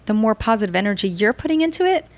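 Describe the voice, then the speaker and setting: A woman guest on a podcast, talking with energetic, motivational enthusiasm. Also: medium pitch, rapid-fire. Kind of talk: casual chat.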